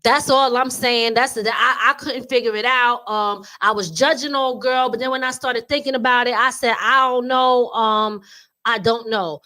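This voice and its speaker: Woman co-host chatting to her live audience, high voice, playful, laughs a lot. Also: moderate pace. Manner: animated, playful, breaks into laughter. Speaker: co-host of a podcast. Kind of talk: casual chat to a live audience.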